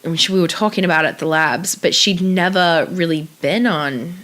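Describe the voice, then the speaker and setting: A young Australian actress chats through stories in a relaxed interview, acting out quotes and laughing as she goes. Her voice is lowish and her speed normal.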